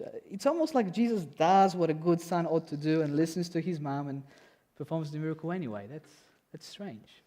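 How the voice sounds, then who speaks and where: A young man preaching a sermon in a church, conversational and animated, voicing quotes playfully. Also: sits high. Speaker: pastor.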